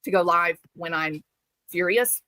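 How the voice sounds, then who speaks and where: A woman's voice: on the low side, unhurried, sharp tone, low-quality recording. A woman hosting a live stream, giving angry, sarcastic commentary. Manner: sarcastic, mocking. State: furious.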